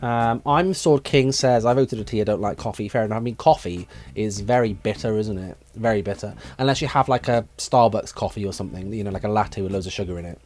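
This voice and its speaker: A man's voice: fairly low pitch, fairly quick, few pauses, a little mellow. A young man hosting a casual live stream, musing aloud and reading viewers' chat messages from a desk mic at home. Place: room at home with his dog.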